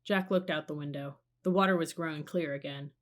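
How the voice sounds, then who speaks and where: A woman reading a children's storybook aloud in a calm, measured narration. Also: sits low. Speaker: audiobook reader.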